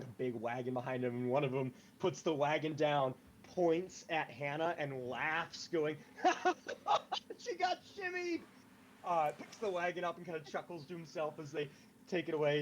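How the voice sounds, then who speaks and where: A man's voice: mid-range voice, darkish tone, a little hiss or hum, poor audio. A man narrating as game master, rambling and filling his talk with "like" and "um". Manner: rambling, full of "like" and "um".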